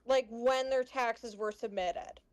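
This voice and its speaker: A woman's voice: on the high side, fairly even intonation, slow. A woman playing in a tabletop game, tentatively thinking aloud with many fillers. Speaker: player.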